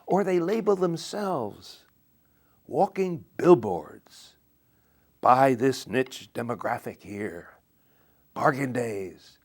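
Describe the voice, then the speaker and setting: An older American poet reading his poems aloud and reflecting on them between readings, in a slow, measured way with thoughtful pauses. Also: mid-range voice, expressive. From United States. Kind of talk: poetry reading and reflective talk. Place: TV studio.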